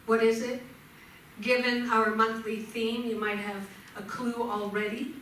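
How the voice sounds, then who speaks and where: A woman minister giving a gentle sermon in a church, telling stories and voicing shouts vividly. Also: on the high side, flat delivery, measured pace, a little hiss or hum. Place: church sanctuary. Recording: echoey church hall from far off.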